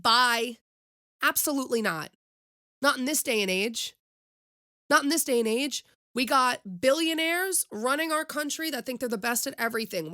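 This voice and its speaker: A woman's voice: fairly high pitch, a bit bright, no echo, clean studio sound. A young woman hosting her own podcast, giving passionate opinionated commentary and speaking straight to her listeners. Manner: impassioned, preachy, addresses listeners directly. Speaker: podcast host.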